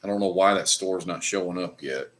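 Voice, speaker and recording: A man's voice: low-pitched, a little fast, fairly bright tone. A middle-aged man hosting a livestream, chatting casually over whiskey in a rambling, profane ranting way. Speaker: livestream host. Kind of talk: casual chat while drinking whiskey.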